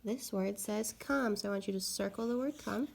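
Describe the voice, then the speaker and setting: A woman teaching young children a reading lesson, slowly sounding out words and patiently encouraging them. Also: mid-range voice, vocal fry, a little hiss or hum.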